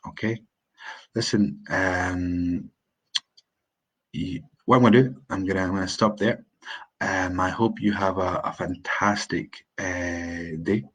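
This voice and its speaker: A Scottish man with a deep, slightly husky voice teaches English on an unscripted live stream. He chats along loosely, restarting his sentences, then slows right down to spell out his examples. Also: fairly even intonation, a bit bright, rough recording. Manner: chatty, with hesitant restarts and slow, deliberate examples.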